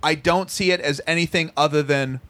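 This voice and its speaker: A man's voice: a little high, brisk, dry recording. A man co-hosting a casual podcast, joking and rambling through stories with lots of fillers. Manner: animated, joking, rambling storyteller with frequent fillers. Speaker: podcast co-host. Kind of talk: casual chat.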